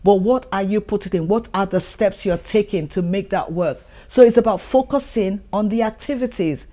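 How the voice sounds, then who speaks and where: A woman's voice: medium pitch, moderate pace, mellow. Woman, channel host, motivational talk, earnest, repeats herself for emphasis, mid-range voice.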